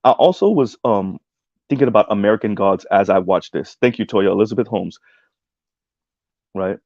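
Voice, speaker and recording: Low, gravelly male streamer: loose, rambling talk, reads chat aloud, full of "um" and "right?", on a dull lo-fi mic. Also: moderate pace, darkish tone, no echo. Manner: rambling, many "um"s and "right?" tags. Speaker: streamer reacting to a video essay. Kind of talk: casual livestream commentary, reading chat.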